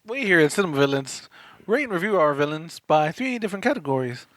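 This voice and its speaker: A joking man trading banter as a film podcast co-host. His voice sits somewhat high, and the recording is dry and close. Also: big pitch swings, fast, a bit bright, dry recording. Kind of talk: casual movie review chat.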